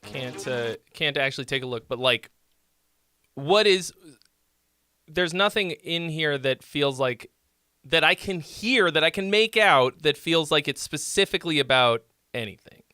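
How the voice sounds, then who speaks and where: Bright-voiced blunt male music critic. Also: a little high, lively intonation, a little slow, clean tone, dry recording, studio quality. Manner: blunt, profane, sarcastic. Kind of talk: live song critique stream.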